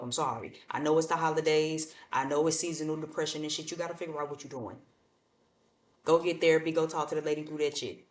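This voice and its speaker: A woman giving a casual tarot reading, speaking bluntly and colloquially, repeating herself and addressing viewers directly. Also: sits low. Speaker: tarot reader. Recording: echoey room, far from mic.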